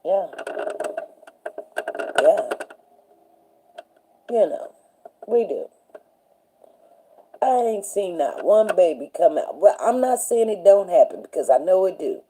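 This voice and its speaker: Husky, very dark-voiced middle-aged woman. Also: fairly low pitch, big pitch swings, slow pace, long pauses, rough recording. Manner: rambling, storytelling, often asking "you know what I'm saying". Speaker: host of a live talk show. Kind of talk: casual livestream chat.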